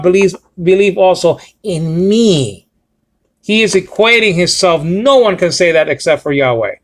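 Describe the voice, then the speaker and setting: A Bible teacher with a slightly high voice leads a lesson, reading Greek words from an app on his screen. He speaks emphatically and repetitively, checking in with "okay?" as he goes.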